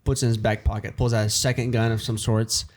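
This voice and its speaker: A man's voice: on the low side, little pitch movement, fast talker, a little mellow. A man casually brainstorming a story idea with friends, rambling with many fillers and restarts and acting out the characters' lines. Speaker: writer pitching a story idea.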